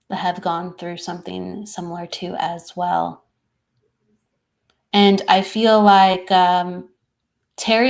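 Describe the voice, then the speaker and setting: A woman who works as a psychic medium, co-hosting a live-stream show in a casual, chatty way, now and then tripping over her words and laughing at herself. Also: lowish voice.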